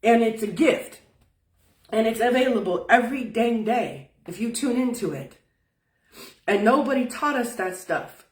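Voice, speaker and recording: A woman's voice: on the high side, lively intonation, a little slow. Folksy emphatic woman teaching, roomy distant sound. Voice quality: emphatic, swears freely, folksy. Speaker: spiritual wellness teacher. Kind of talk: casual teaching talk.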